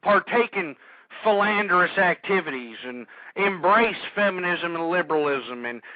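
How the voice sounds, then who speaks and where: A radio host holds forth in a heated, ranting monologue, his voice pitched very high for a man. The sound is dry and close, squeezed thin like a phone line. It is an old lo-fi broadcast. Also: animated, moderate pace, no room sound. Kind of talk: political talk radio monologue.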